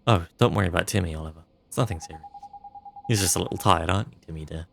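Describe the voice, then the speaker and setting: A man's voice: low-pitched, rapid-fire, gravelly, fairly bright tone, a little hiss or hum. Doting old shopkeeper lady, played by a man, game voice, cooing and fussy.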